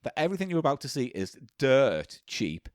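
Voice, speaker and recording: A man's voice: medium pitch, very animated, fairly quick, a little mellow, smooth, no echo, studio quality. A man hosting a comedy podcast game, playful and teasing as he explains the rules. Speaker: host running a guessing game. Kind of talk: casual comedy podcast banter.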